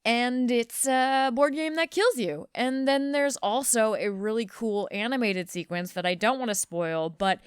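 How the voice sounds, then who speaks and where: A woman co-hosting a podcast, chatting playfully with drawn-out emphasis. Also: fairly high pitch, clean tone, dry recording, clean studio sound. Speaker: podcast co-host. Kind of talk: casual podcast chat.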